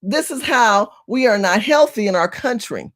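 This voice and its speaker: A woman with a fairly high voice hosts a live stream. She talks straight to her viewers as "family", hammering points home by repeating them. Rhetorical questions come one after another. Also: lively intonation, normal speed, a bit bright. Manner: emphatic and repetitive, firing rhetorical questions at viewers. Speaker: livestream host.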